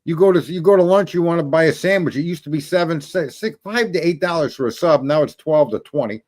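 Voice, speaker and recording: A man's voice: fairly high pitch, fast talker, darkish tone. A man hosting a show, ranting casually and rambling to viewers, swearing often and laughing at his own jokes. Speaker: show host.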